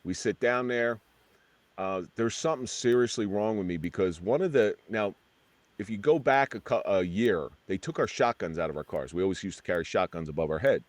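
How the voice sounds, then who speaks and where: A middle-aged man with a very deep voice speaks about his past in an interview, earnest and halting, often restarting mid-sentence. The sound is dry and close, with no room around him. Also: animated, dry recording. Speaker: former police officer, podcast guest. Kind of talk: candid interview storytelling.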